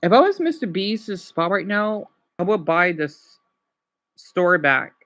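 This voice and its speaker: A man's voice: high-pitched, sing-song, takes it slowly, fairly bright tone. A man from Arizona, chatting casually with livestream viewers in a rambling, emotional, apologetic way. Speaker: livestream host.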